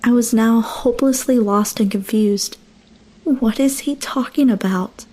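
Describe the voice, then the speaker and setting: A woman reads a first-person horror story in a mellow, somewhat high voice. Her delivery is hushed and tense, easing down into slow, near-whispered passages.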